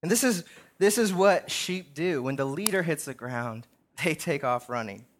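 A man's voice: fairly high pitch, expressive, moderate pace, slight background noise. Conversational man preaching a sermon. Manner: conversational preaching, frequent "right?" tags. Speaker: pastor.

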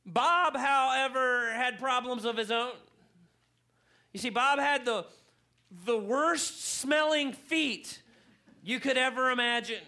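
A man preaching a sermon to a church congregation, telling a funny story in an animated way and getting louder for emphasis. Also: extremely high pitch, slow. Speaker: pastor. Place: church hall.

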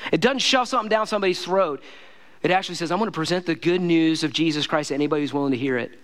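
A man's voice: high-pitched, fairly bright tone. A man preaching a sermon as pastor, casual and emphatic, with lots of fillers and repeated phrases.

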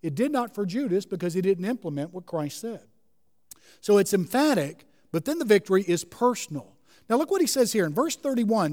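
A man's voice: high-pitched, lively intonation, moderate pace, a little mellow, big-room sound. A man preaching a sermon as a pastor, earnestly explaining scripture verse by verse.

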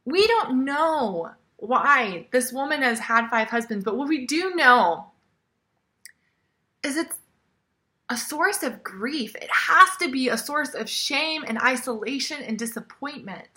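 Woman preaching, chatty and sharp-toned, voice sits a bit high, slips into soft near-whispers. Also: lively intonation, slow. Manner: conversational, often dropping to a soft near-whisper. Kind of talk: sermon.

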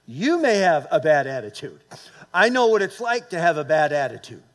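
A man's voice: fairly high pitch, animated, brisk. A man in his late fifties or older preaching a sermon, telling a personal story and calling on the congregation to respond. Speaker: pastor.

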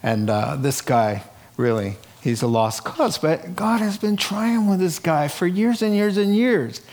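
A man's voice: sits high, animated, a little slow, a little mellow. A man preaching a conversational sermon to a live congregation in a church, asking rhetorical questions and often adding "right?". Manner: chatty, asks rhetorical questions, frequent "right?". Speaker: pastor.

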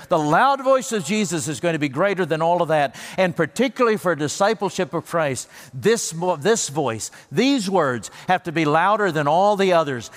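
A man preaching a sermon as pastor, earnest and emphatic, slowing down and lifting his voice for the words he quotes. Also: high voice, big pitch swings, a bit bright, long reverb tail.

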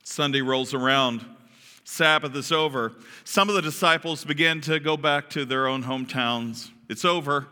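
Preacher guy telling it big, bright tense voice, hall echo behind him. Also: mid-range voice, normal speed, smooth. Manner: dramatic, swings from hushed to loud; acts out voices in retelling. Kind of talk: sermon. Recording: long hall reverb.

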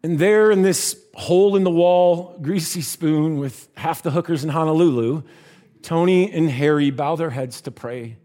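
A man's voice: on the high side, a little slow, dark tone. A man preaching a sermon, telling a story in a conversational way and dropping his voice at tender moments.

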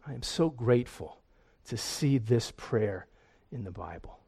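A man's voice: medium pitch, expressive, takes it slowly, warm tone, breathy edge. A man preaching a sermon in an earnest way, often repeating a word as he restarts. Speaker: pastor.

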